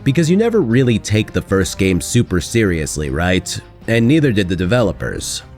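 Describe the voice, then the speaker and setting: Sarcastic low-voiced man narrating a video essay. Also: sing-song, darkish tone, soft background music. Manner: sarcastic, critical, mocks lines with quick put-on quotes.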